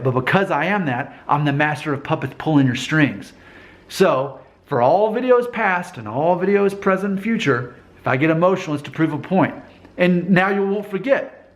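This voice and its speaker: A man talking straight to camera in a casual vlog monologue, emphatic and insistent, often repeating his points. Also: fairly high pitch. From United States. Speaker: vlogger.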